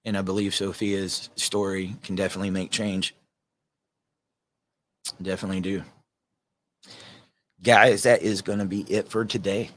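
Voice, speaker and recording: A man's voice: deep voice, level tone, normal speed, long pauses, fairly bright tone. A man with a Southern American accent hosting his podcast, talking casually and earnestly, often repeating words. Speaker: podcast host. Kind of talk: casual solo talk.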